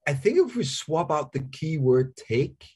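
His voice is a little high and sing-song, slightly slow, a bit mellow and slightly rough. A Danish-accented man from Denmark in his forties, he jokes and chats candidly as a guest in a casual interview, often saying things more than once.

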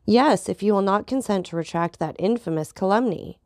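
A woman's voice: medium pitch, lively intonation, brisk, darkish tone, no echo, studio quality, close to an everyday voice. A woman reading as an indignant young nobleman. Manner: urgent, insistent demands. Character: indignant young nobleman, proud and hot-tempered.

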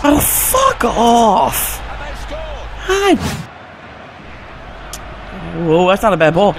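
A young man calls his football video game match live, and his voice sits high and leaps all over the place as he yells, begs and cheers at the players. He takes his time between outbursts, and game audio and music run clearly under him. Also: wildly swooping pitch, slow. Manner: hyped, yelling and pleading at the game. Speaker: gaming video creator. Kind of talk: excited live gameplay commentary.

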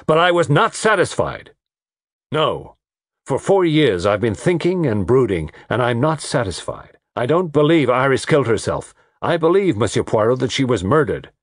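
A male audiobook narrator reads a detective story in a low, lively voice, acting out the dialogue. The recording is dry and studio-clean, a piece of scripted narration.

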